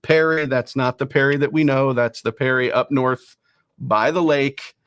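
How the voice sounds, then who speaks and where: A man hosting a casual sports talk show, rattling off rankings quickly with self-deprecating asides. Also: mid-range voice, steady tone, a bit bright, a little hiss or hum. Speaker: host.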